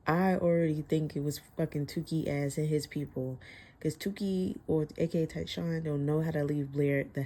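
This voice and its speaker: A woman's voice: low-pitched, warm tone. A woman giving a casual, candid book review, laughing often and cursing freely while talking into her phone.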